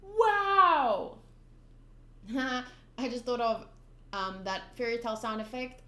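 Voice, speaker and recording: A woman with a high voice reads a manga aloud and chats about it, thinking aloud and giggling. She takes her time. The room rings with echo. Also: fairly even intonation, a little slow, fairly bright tone. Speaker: manga reader. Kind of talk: casual manga readthrough. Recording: echoey room.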